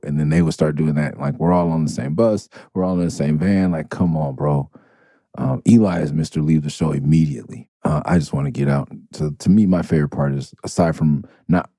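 Man, middle-aged, gravelly, dry close sound, animated casual storyteller, swears. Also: very deep voice, no room sound. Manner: animated, laughing, swears freely. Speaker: podcast host.

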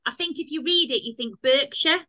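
A British woman co-hosting a podcast, chatty and eager with questions. Her voice is high and bright. She talks casually. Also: lively intonation, quick pace, dull audio. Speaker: podcast co-host. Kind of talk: casual chat.

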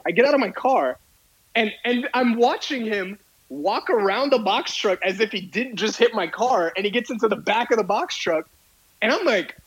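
A man's voice: sits high, breathy edge, rough recording. A man, a podcast guest, casually telling an exasperated story and acting out both sides of an argument. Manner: animated, exasperated retelling with quoted dialogue.

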